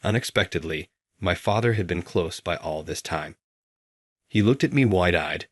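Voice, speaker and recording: A man reads a first-person story in a measured, scripted narration. His voice sits very low, and the recording is dry and close-miked. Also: expressive, dry recording.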